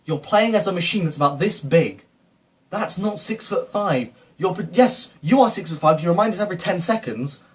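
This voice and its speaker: Exasperated ranting young man, lively pitch. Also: normal speed, distant mic. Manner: exasperated, repeatedly insulting and swearing. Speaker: video reactor. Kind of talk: ranting reaction commentary.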